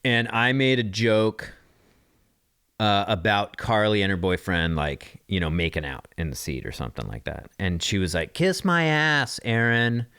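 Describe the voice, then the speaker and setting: A man's voice: low-pitched, fairly bright tone, no echo, studio quality. A man, a podcast co-host, chatting casually and cracking jokes. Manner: joking, quick reactions and laughs. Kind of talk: casual chat.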